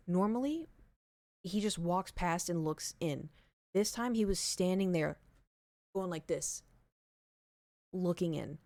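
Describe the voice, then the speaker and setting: This young streamer has a fairly low pitch and a measured pace, pausing often, and the sound is clean studio quality with no room noise. She casually recounts a story to her chat, peppered with "like" and acted-out dialogue, sometimes dropping to a hushed tone. Her headset mic is later taken off.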